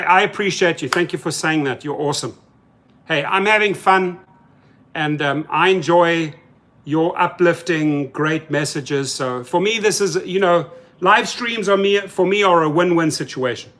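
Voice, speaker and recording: A man with a somewhat high, slightly bright voice talks casually on his live stream at a slightly slow pace, reading out viewer comments and mocking them in heated slang.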